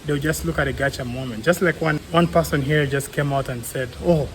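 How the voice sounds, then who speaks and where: A man's voice: fairly high pitch, a little fast, a bit bright, slight background noise, poor audio. Earnest Ugandan man arguing his point. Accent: Ugandan English. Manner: earnest, argues with everyday examples, many fillers. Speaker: co-host, clinical psychologist. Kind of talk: casual podcast discussion.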